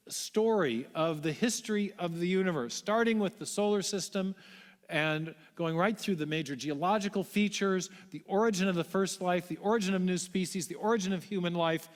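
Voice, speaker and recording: Man, public lecture, measured storytelling, restarts, large hall, long echo. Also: high voice.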